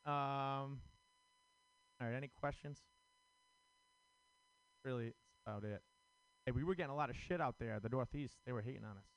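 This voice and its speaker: A man's voice: medium pitch, fast talker, rough recording. A man doing a stand-up comedy set on a club stage, rambling and self-deprecating, with many fillers. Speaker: stand-up comic.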